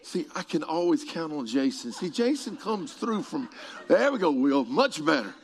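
A man preaching a sermon, telling stories with asides to people in the room and swinging from hushed tones to shouts. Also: fairly high pitch, big pitch swings, moderate pace, slightly rough.

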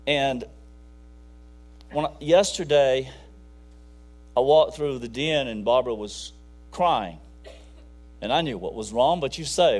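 A man's voice: medium pitch, lively intonation, measured pace, long pauses, darkish tone. A man preaching a conversational, folksy sermon with bursts of emphasis.

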